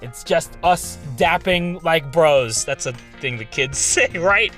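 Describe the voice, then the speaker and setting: A man's voice: on the high side, animated, slow pace, a bit bright, faint music behind. A young man casually commenting on a game with slangy, joking asides. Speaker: gaming channel host.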